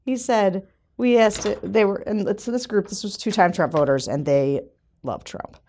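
A woman co-hosting a podcast in casual political chat, animated and laughing often. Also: medium pitch, normal speed, a little hiss or hum. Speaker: podcast co-host.

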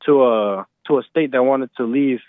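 A man's voice: mid-range voice, moderate pace, dry recording. A man calling in to argue heatedly with the host, insistent and repeating himself. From United States. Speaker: caller. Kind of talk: heated call-in argument. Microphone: phone. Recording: tinny phone line.

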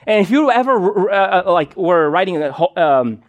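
Casting: young male preacher, high voice, loose conversational sermon full of "you know" and "right?". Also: lively intonation, moderate pace, dull audio. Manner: casual, chatty, many fillers and restarts. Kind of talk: live sermon with personal story.

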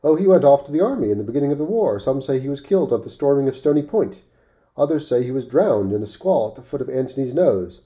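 A man's voice: medium pitch, lively intonation, quick pace, mellow, voice pushed up, close to an everyday voice. A man voicing a gossipy old village man with a thin, piping voice in a storybook reading. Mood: informative.

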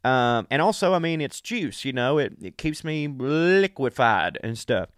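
A man's voice: mid-range voice, big pitch swings, unhurried, no room sound, studio quality. A sick man, talking casually and profanely straight to his listeners in a podcast monologue. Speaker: podcast host.

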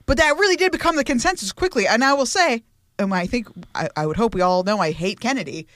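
A woman's voice: fairly high pitch, fast talker, a bit bright, no room sound, studio quality. A woman co-hosting a podcast in casual chat, chatty and laughing, acting out quotes from the show. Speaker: podcast co-host.

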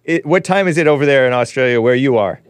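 A man's voice: mid-range voice, lively intonation, fast talker, clear, resonant tone, dry recording. A man hosting a call-in show, talking in a casual, rambling way with mocking, opinionated commentary. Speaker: podcast host.

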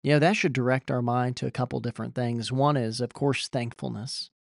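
A man's voice: mid-range voice, steady tone, a little fast, gravelly, no echo, studio quality. A young man from Iowa preaching a sermon, earnest and emphatic, his voice rising when he pleads. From Iowa, USA. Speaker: pastor.

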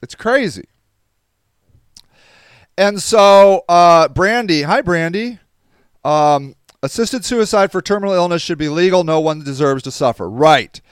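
A tired man with a stuffy nose hosts a casual livestream, rambling and reading viewer comments aloud. His voice sits fairly high and swings widely in pitch. It sounds smooth and clear, recorded close and dry. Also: animated, unhurried, no echo. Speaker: podcast host reading live chat.

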